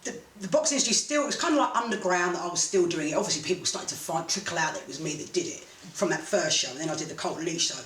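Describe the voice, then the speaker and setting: A woman, a boxing promoter telling animated stories as an interview guest. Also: lowish voice, very fast. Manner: animated, laughing storyteller. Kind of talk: casual storytelling interview. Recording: echoey room, mic at a distance, faint noise.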